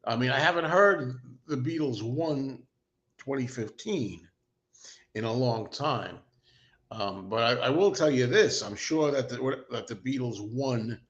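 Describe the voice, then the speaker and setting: A man's voice: mid-range voice, highs cut off. Rambling man hosting a chatty stream. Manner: rambling, self-deprecating, enthusiastic fan. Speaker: host. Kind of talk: casual livestream chat.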